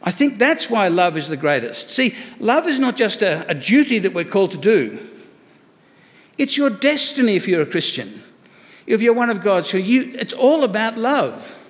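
A pastor delivers a sermon in a reverberant hall, his high voice very animated at a normal speed. He preaches conversationally, sprinkling in rhetorical questions.

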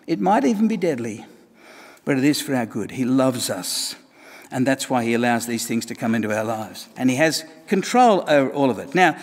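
A man's voice: fairly high pitch, in a large hall. A man preaching a sermon in a conversational way, with wry asides and emphatic points.

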